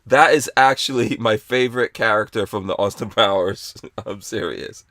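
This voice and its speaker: A male podcast host with a lowish voice who rambles and jokes around, pausing to read out listener chat. His voice sounds dry and close, with no room around it. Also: pushed and bright, no room sound. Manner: rambling, playful, reads out chat comments.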